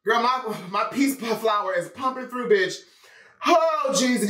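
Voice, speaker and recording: A man giving loud, sassy, profane reaction commentary on music. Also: very high voice, expressive, measured pace, far from the mic. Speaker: pop culture commentator. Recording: echoey room, off-mic, faint music.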